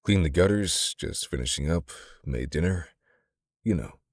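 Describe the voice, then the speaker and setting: An easygoing young cowboy who teases in a low, unhurried way, as a man reads him in an audiobook. The voice is extremely deep and a little husky, and the recording is dry and close. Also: dry recording, heavily acted. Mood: teasing. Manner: low, relaxed, dry teasing. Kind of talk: audiobook character reading.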